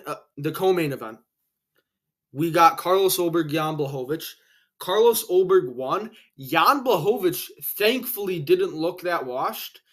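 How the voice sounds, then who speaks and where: Hyped young guy ranting about fights, kinda high voice, swears a lot, breathing heavy. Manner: excitable, profane, slangy. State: breathing heavily. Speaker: MMA reaction host. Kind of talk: casual solo reaction commentary.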